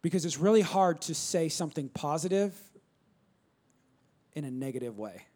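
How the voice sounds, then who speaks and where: A man preaching a sermon, swinging from loud emphatic bursts to quiet low asides. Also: expressive, moderate pace. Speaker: pastor.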